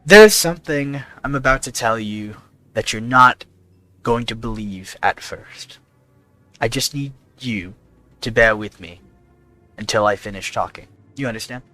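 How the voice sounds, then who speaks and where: A man playing an earnest young adventurer, talking a guard round in a calm, confiding, in-character role-play. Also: medium pitch, faint music behind. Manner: earnest, confiding, measured persuasion.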